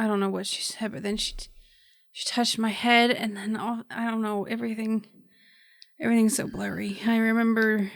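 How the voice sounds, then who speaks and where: A woman voicing a skittish, injured young woman who speaks in a weak, halting whisper. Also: a little high, gravelly, dry recording, voice pushed up.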